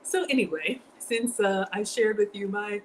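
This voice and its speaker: A woman hosting a home cooking livestream, telling stories in an animated, chatty way and talking straight to her viewers. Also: mid-range voice, moderate pace, slight background noise. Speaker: home cook livestream host.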